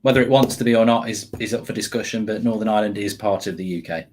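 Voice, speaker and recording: An English man co-hosting a live football watchalong, talking in an animated, ranting way and swearing casually. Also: on the low side, fast talker.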